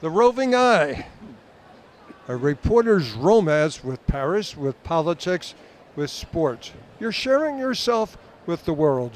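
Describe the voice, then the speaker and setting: A man's voice: fairly high pitch, sing-song, takes it slowly, slight background noise. A man hosting a tennis talk show, asking questions and running giveaways in an upbeat, promotional manner. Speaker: show host, interviewer.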